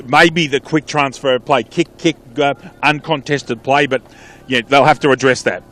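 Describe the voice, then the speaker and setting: A man with an Australian accent calling a local football match live, chatty, with quick calls that trail off into asides. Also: medium pitch, fairly even intonation, a bit bright, slight background noise. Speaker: play-by-play commentator.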